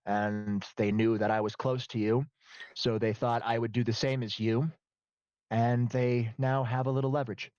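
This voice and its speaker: A frantic, pleading young man, his sister taken, begging that his wards hold, voiced by a game master. The voice sits at a middle pitch, dry and close, with dull lo-fi stream audio. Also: little pitch movement, normal speed, darkish tone, clear, resonant tone, no echo, natural voice. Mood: worried. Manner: panicky, pleading.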